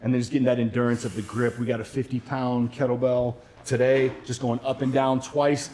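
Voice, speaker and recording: A man's voice: medium pitch, a little hiss or hum. Laid-back man coaching a workout stream. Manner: relaxed, loose, joking asides. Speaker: fitness coach hosting livestream. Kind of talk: casual explaining workout, answering chat.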